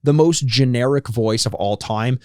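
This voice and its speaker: A man's voice: mid-range voice, moderate pace, clean tone, dry recording, studio quality. A man co-hosting a podcast, chatting casually with many restarts and sometimes mimicking announcer voices. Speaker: podcast co-host. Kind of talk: casual chat.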